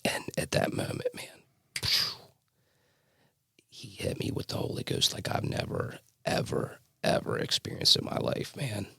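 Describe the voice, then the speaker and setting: A man giving a personal testimony as a podcast guest, telling his story earnestly with halting restarts and fillers. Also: low voice, wildly swooping pitch, gravelly, pushed and bright, breathy edge, dry recording, clean studio sound. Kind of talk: personal testimony in a casual interview.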